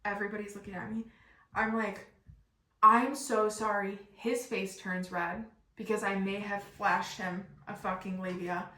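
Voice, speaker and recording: A young woman tells a comic story on her podcast, lively, swearing freely and laughing at her own blunders. Her voice sits at an ordinary middle pitch for a woman. A noticeable echo from the room hangs around her words. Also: normal speed. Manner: animated, profane, laughing at herself. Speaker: podcast host. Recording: roomy echo.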